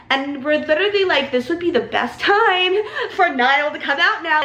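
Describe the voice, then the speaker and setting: A young woman vlogger telling a story in a casual, excitable way, full of "like" and swearing. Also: high voice, echoey room. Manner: excitable, heavy use of "like", swears freely.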